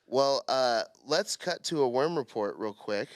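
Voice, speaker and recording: A man's voice: mid-range voice, animated, a little slow, no room sound, clean studio sound. A man hosting a podcast in casual chat, enthusiastic, loose and profane. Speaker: podcast host.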